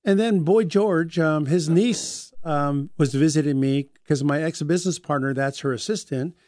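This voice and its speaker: A man's voice: on the high side, normal speed, no echo, studio quality. Chatty male guest telling stories. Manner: chatty, lively storyteller acting out quoted voices. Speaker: guest, Native dancer. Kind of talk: casual radio interview storytelling. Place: radio studio.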